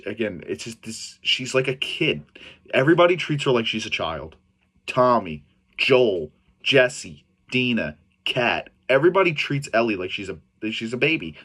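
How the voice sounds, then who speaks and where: A man's voice: lowish voice, fairly bright tone. A young man giving a casual video review, talking bluntly with swearing and frequent stumbles and restarts. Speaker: show reviewer.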